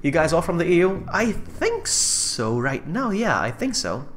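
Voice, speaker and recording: A man streaming a game live, chatting to viewers and yelping or shouting when something startles him. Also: a little high, wildly swooping pitch, unhurried, slight background noise. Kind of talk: live let's-play commentary. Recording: game music playing underneath.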